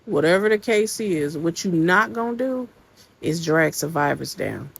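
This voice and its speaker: A woman's voice: fairly low pitch, sing-song, measured pace, vocal fry, breathy edge, poor audio. A woman hosting a commentary channel, reacting in a casual, slangy, indignant scolding way.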